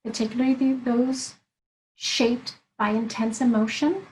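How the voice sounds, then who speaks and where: A woman life and executive coach talking through her ideas in an interview, earnest and methodical as she builds her points step by step. Her voice sits a little on the high side, and a faint hiss of noise runs under the recording. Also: fairly even intonation, a little slow, poor audio. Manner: earnest, explanatory, walks through points one by one. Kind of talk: interview conversation.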